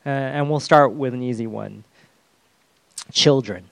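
A man's voice: mid-range voice, normal speed, vocal fry, no room sound. A man preaching a sermon as a pastor, conversational with self-deprecating humor.

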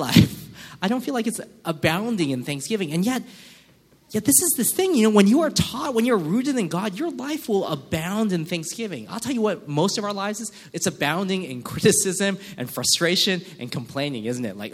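A male pastor preaching a sermon in a church, acting out quick mock prayers and complaints. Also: sits high, sing-song. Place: church sanctuary.

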